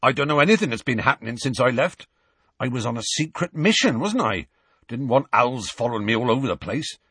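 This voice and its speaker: A man voicing a huge, gruff male half-giant groundskeeper who grumbles and turns defensive, with rustic grammar. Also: mid-range voice, big pitch swings, brisk, sharp tone, no echo, voice pushed up, heavily acted.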